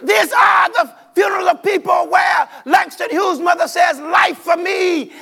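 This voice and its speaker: A man preaching a sermon, shouting in a sing-song cadence. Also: very high voice, a little slow, gravelly, some chatter behind. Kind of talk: whooping sermon.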